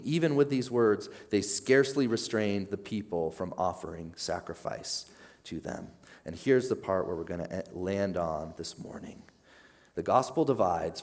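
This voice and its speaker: A young man preaching a sermon in a casual, conversational way, rising with emphasis and dropping to a hush at key points. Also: fairly low pitch. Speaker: pastor.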